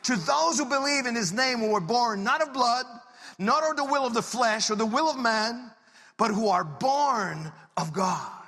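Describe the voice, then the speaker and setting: Guy preaching, high voice, lots of restarts, echoey hall reverb. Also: expressive, measured pace, sharp tone. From French Canada. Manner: emotional, pleading, many restarts. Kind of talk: sermon storytelling.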